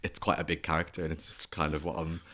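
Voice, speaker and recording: A man with a Northern English accent, a comedian chatting as a guest in a camp, animated way. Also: extremely low pitch, quick pace. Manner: camp, animated, laughs often. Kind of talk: casual chat.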